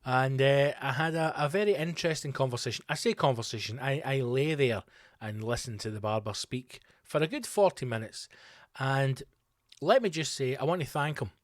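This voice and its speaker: A man hosting a comedy podcast, telling a rambling story with sudden loud, incredulous outbursts. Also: medium pitch, no echo, clean studio sound. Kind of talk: comedic monologue.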